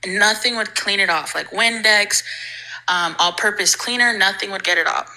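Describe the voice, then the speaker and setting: A young woman with a strikingly bright, sharp voice tells a ghost story in easy, casual chat. She leans on "like" constantly and slips into the voices of the people in her tale. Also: mid-range voice, moderate pace, poor audio. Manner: chatty, fills with "like", acts out quoted people. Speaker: livestream storyteller.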